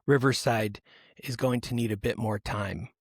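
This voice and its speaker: A man's voice: mid-range voice, steady tone, normal speed, breathy edge, no echo, studio quality. A man hosting a casual podcast, reading news stories aloud in a rambling, self-interrupting way. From United States. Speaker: podcast host.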